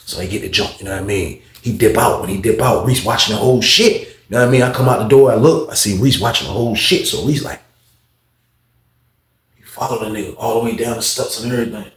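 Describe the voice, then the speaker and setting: Talking fast in a roomy-sounding space, a man spins a casual story with lots of cursing. He gets animated, mimicking other people's words in a higher pitch.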